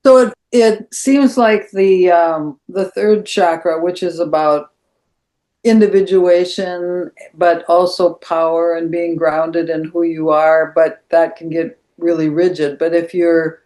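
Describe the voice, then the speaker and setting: Slow, measured podcast co-speaker. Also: medium pitch, steady tone, darkish tone. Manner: summarizing thoughtfully, measured. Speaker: discussion partner. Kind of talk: reflective podcast discussion.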